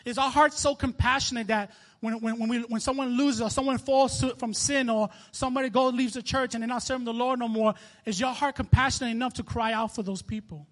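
A man's voice: extremely high pitch, steady tone, brisk, few pauses. A man in his twenties with a New York accent, giving a casual, conversational sermon with frequent restarts and laughter. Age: 20s. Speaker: minister.

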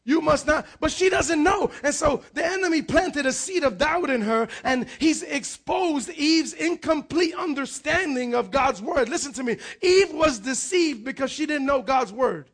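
High-pitched, gravelly pastor preaching loudly. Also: male voice, moderate pace, few pauses. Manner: energetic preaching with frequent shouts and repeated words. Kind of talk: sermon.

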